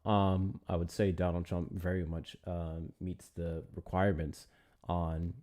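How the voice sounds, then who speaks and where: Deep-voiced man hosting a casual livestream. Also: flat delivery, a little slow, dark tone, lo-fi sound. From United States. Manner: loose, rambling, swears freely. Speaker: livestream host.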